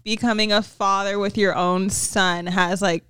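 A young woman co-hosting a podcast, chatting with giggly quick asides. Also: mid-range voice, level tone, fairly bright tone, clear, resonant tone, dry recording, studio quality. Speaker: podcast co-host. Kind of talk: casual chat.

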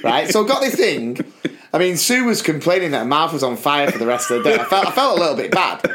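Animated man telling a story. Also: on the high side, fast, background noise. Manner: animated, laughing anecdote-teller acting out quotes. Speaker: podcast co-host. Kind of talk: casual storytelling chat.

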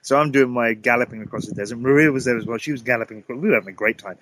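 A man's voice: mid-range voice, very fast, a bit bright, a little hiss or hum, low-quality recording. A man, a guest in a conversation, telling a long story with animation, often laughing and repeating words.

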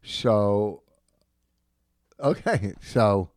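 A man co-hosting a casual chat, telling a rambling story with halting restarts. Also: on the low side, lively intonation, darkish tone, no echo, studio quality. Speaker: podcast co-host.

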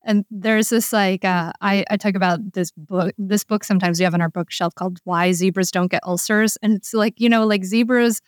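A woman's voice: mid-range voice, steady tone, normal speed, hardly any pauses, no echo, clean studio sound. A woman working as a parenting coach, explaining earnestly and often checking in with "right?". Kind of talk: coaching conversation.

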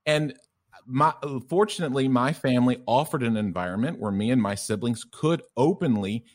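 Middle-aged Southern-born man, mid-pitched voice, loose anecdotal podcast talk. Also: normal speed. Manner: relaxed storytelling, filler-heavy. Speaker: guest sex therapist. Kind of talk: conversational podcast interview.

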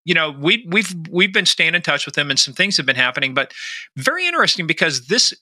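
A man's voice: fairly high pitch, sing-song, fast talker, bright, forceful tone, no echo. A man co-hosting a podcast, wisecracking in loose, joking banter before reading a news item and introducing the episode. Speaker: podcast co-host.

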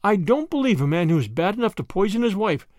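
A man's voice: high-pitched, sing-song, quick pace, darkish tone, no echo, studio quality, pitched above the performer's own voice. A man voicing a fretful, chatty old grandmother who talks in a tremulous, anxious way. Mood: wistful.

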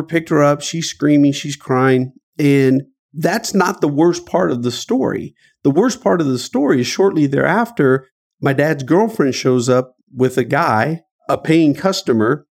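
A man's voice: creaky, darkish tone. A middle-aged man from Dayton, Ohio, telling an emotional personal story as an interview guest. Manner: earnest, emotional, rising pitch at painful moments. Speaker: guest author.

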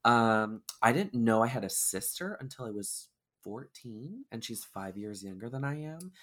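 A man's voice: mid-range voice, lively intonation, normal speed, a bit bright. A man from Washington State, a drag performer appearing as a podcast guest, chatting casually in a rambling, self-deprecating way. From Washington State, USA. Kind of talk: casual chat.

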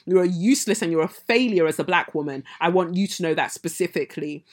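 A woman's voice: animated, fast, few pauses. A woman hosting a podcast, telling a story in a heated, emphatic casual monologue. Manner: emphatic, heated, rises in pitch and loudness when indignant. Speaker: podcast host.

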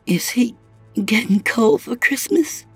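A man's voice: extremely high pitch, expressive, slow pace, a bit bright, husky, no room sound, soft background music, pitched above the performer's own voice, exaggerated voice. A man voicing a frightened little boy in a storybook reading, with a small pleading voice. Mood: curious. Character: scared little boy in doctor costume.

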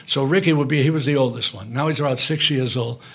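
An older man with a New York accent telling lively, salty stories as a guest in an interview, acting out quotes as he goes. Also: mid-range voice, fast, breathy edge. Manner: animated, salty, acts out quotes. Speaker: guest actor. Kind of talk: storytelling interview. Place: private club room.

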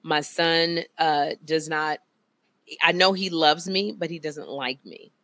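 A woman in her forties, a talk show co-host, telling stories in a dramatic, animated way in casual chat. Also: low voice, slow pace. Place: TV studio.

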